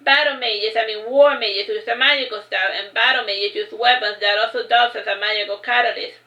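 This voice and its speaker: A woman's voice: a little high, fairly even intonation, a little fast, sharp tone, echoey room, lo-fi sound. A woman reading her own fantasy novel aloud in first person, unpolished, with frequent restarts.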